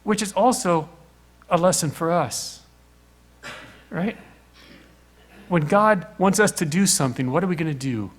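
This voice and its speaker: A man's voice: high voice, unhurried, pauses often. A middle-aged man preaching a sermon, telling the story with little acted voices and rhetorical questions.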